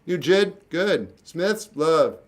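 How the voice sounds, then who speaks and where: Male streamer, casual deadpan chat, slightly raised voice. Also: a little high, slow. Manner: dry, offhand, jokey replies to comments. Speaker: livestreamer musician answering chat.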